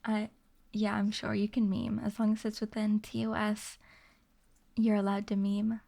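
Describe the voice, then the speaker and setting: A woman chatting softly as an ASMR streamer, giggly and slipping into whispers as she talks to viewers on a close mic. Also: medium pitch, monotone, normal speed, gravelly. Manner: giggly, reads chat aloud and thanks viewers; drifts into whispers. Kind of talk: soft-spoken ASMR chat.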